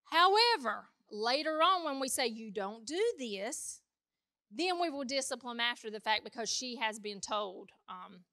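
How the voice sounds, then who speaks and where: A female pastor, telling family stories in an animated, chatty way during a conversational sermon. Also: a little high, normal speed, few pauses, no room sound, clean studio sound.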